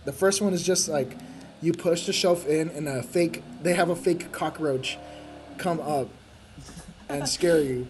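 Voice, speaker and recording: A man's voice: fairly high pitch, measured pace, darkish tone, slight background noise. Profane, laughing male game streamer. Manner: profane, rambling storyteller who laughs often. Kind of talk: casual gaming chat.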